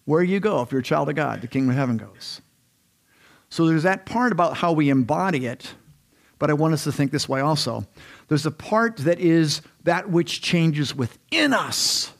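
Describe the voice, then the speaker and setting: A male pastor gives a sermon in a church in a fairly high voice. He talks in a conversational, rambling way and often restarts his sentences. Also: animated, normal speed, creaky. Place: church sanctuary.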